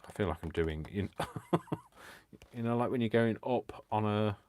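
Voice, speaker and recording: A man's voice: fairly low pitch, unhurried, a little mellow, slight background noise. A man hosting a crafting livestream, talking casually in a rambling, self-deprecating way as he works. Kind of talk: casual chat while crafting.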